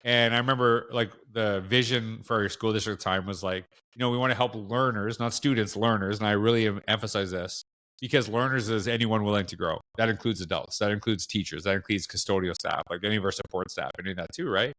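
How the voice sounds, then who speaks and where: A middle-aged Canadian man appears as a podcast guest and education speaker in a casual interview. His voice sits on the low side, steady and fairly bright, moving fairly quickly. He rambles with many fillers and restarts and acts out quoted dialogue.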